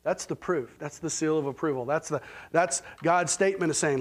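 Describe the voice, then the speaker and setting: Male pastor with an Oklahoman accent, high voice, chatty sermon delivery, church sanctuary. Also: brisk. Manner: conversational preaching, frequent "right?" and "okay?" check-ins.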